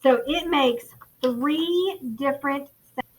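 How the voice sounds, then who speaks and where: A woman's voice: sits high, slow, low-quality recording. A woman from the United States, teaching a first grade phonics lesson in an encouraging way, calling the children friends. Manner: encouraging, calls listeners friends. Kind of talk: recorded classroom lesson.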